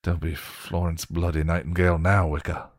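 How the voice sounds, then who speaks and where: A man voicing a wounded, sardonic male vampire with a raspy, grousing voice. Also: deep voice, level tone, normal speed, dry recording, studio quality. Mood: grumbling. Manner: grousing, sarcastic.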